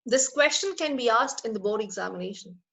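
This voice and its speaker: Lady teacher, kinda high voice, goes over each line again and again. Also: animated, fairly bright tone, poor audio. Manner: explains slowly, repeating and rephrasing each line. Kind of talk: line-by-line lesson explanation.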